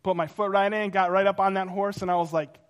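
Animated storytelling male pastor. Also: high voice, quick pace. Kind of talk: sermon.

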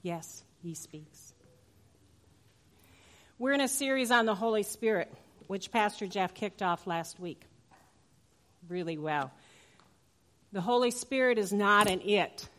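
A woman's voice: medium pitch, measured pace, long pauses, fairly bright tone. A woman pastor preaching a sermon in a church, emphatic and playful, turning to the congregation with asides. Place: church sanctuary.

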